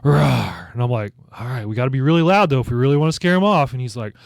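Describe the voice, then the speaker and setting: Animated young dad telling a story. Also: male voice, mid-range voice, fast talker, creaky, no echo, studio quality. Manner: animated storyteller, many fillers. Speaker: podcast co-host. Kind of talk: casual chat.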